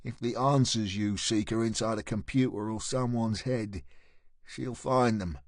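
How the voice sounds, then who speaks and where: A man voicing a weary older male police chief who speaks low and pleading. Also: a little slow, dry recording, studio quality.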